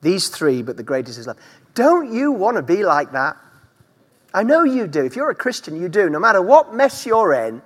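Male pastor preaching with a high, animated, swooping voice, in a church hall with a long reverb. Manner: emphatic preaching with rising and falling delivery. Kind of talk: sermon.

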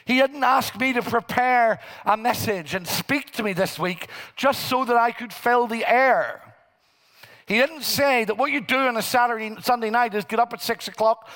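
A man's voice: very high-pitched, fairly bright tone. A man preaching a sermon in a church, reading scripture aloud with emphasis. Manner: preaching slowly, rising into emphatic quoted scripture. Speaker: pastor. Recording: church hall with long reverb.

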